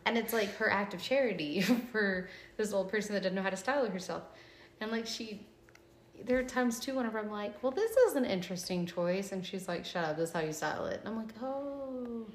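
Recorded in an echoey room with slight background noise, a woman hosts a podcast at a normal speed in a mid-range voice. Her storytelling is chatty and casual, peppered with "like."

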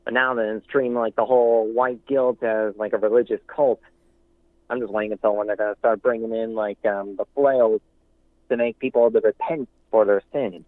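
A man's voice: lowish voice, fairly even intonation, normal speed, no room sound. Guy calling in, rambly and emphatic, thin phone line, dead dry sound. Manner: rambling, many restarts, emphatic warnings. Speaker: caller. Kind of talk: casual call-in commentary.

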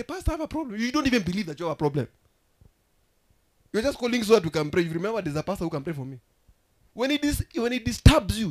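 A man preaching a sermon as pastor, emphatic and rousing, with sudden loud outbursts. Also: fairly high pitch.

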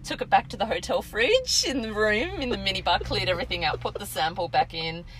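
A woman's voice: medium pitch, animated, fairly quick, poor audio. A middle-aged woman, co-hosting a podcast and telling a story in casual chat, laughing and acting out quotes. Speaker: podcast co-host.

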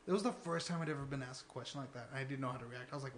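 A man's voice: fairly high pitch, very fast, a little hiss or hum. A young man from Texas, a stand-up comedian, talking loosely in a casual interview with lots of fillers and laughs. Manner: loose and chatty, filler-heavy, laughs between lines.

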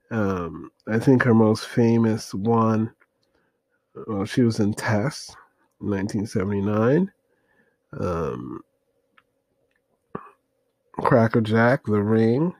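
A man's voice: fairly low pitch, slow pace, long pauses, darkish tone, no echo. A man rambling through a casual movie review, hesitant and full of fillers as he looks things up while talking.

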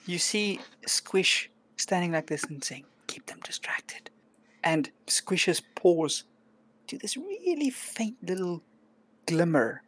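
A man running a tabletop game as game master, narrating in a relaxed way and often chuckling. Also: fairly high pitch.

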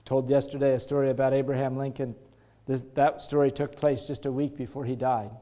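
A man preaching a sermon, telling stories and slowing down to press his points. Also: mid-range voice, flat delivery, warm tone. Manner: storytelling, slows down for emphasis.

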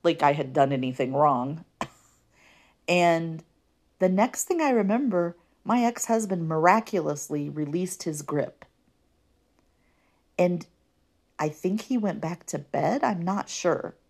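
A woman giving an earnest personal testimony, halting at times with restarts and fillers. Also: on the low side, lively intonation, darkish tone. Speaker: guest sharing her story.

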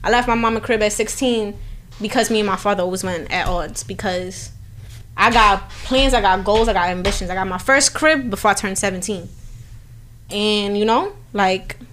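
A woman's voice: mid-range voice, moderate pace, a bit bright, a little hiss or hum. A young woman with a New York accent talking bluntly and profanely in casual chat, often repeating herself. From Harlem, New York.

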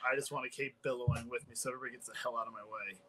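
A man who works in studio production, chatting casually in a quick, laughing manner. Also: medium pitch, fairly even intonation, a crowd in the background, poor audio. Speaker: studio production crew guest. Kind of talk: casual chat.

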